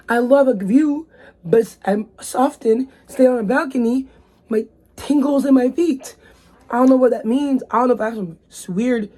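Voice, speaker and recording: A woman with a mellow, mid-range voice hosts her own vlog from an indoor bedroom. She talks casually and chattily, rambling with lots of fillers.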